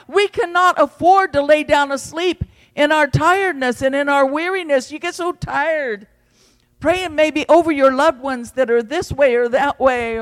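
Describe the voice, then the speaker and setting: A man preaching an evening sermon in a church, swinging between loud calls and quiet, low passages. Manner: fervent preaching with big swings in pitch and loudness. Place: church sanctuary. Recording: long hall reverb.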